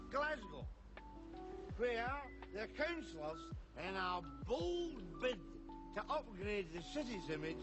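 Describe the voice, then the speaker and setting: An actor playing a scruffy, sardonic Glaswegian man in a TV comedy clip, delivering a deadpan monologue to camera in a very thick accent. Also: sits high, exaggerated voice, poor audio. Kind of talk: TV comedy sketch. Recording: TV clip with loud music.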